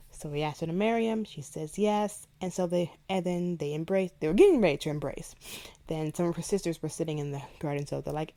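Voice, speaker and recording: A woman hosting a book podcast, retelling a favorite scene in an animated, chatty way. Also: on the low side, a little fast. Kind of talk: casual book review chat.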